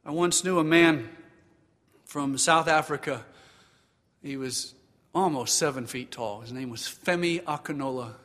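A man preaching in a church sanctuary, earnest and emphatic in his delivery. His voice sits a little high and rings bright and forceful. A long hall reverb trails after every phrase. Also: a little slow. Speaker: pastor. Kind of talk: sermon with closing prayer.

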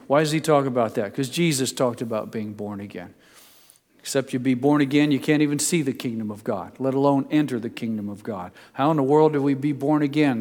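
An older man preaching a sermon as a pastor. He tells folksy personal stories and builds to emphatic high points. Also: a little mellow, in a large hall. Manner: storytelling, folksy asides, builds to emphatic peaks.

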